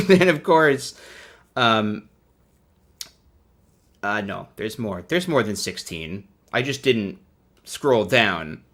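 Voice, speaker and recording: A man's voice: fairly low pitch, a bit bright. A man hosting a casual livestream, rambling and sarcastic, often laughing at his own jokes. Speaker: livestream host.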